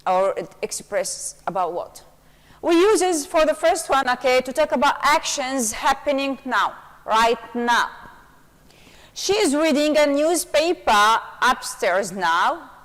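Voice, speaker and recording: A Syrian woman who teaches English walks through grammar rules slowly and patiently, her slightly high voice a bit bright. She keeps slipping in "okay" as she explains each step. A long, hollow room reverb hangs over the recording.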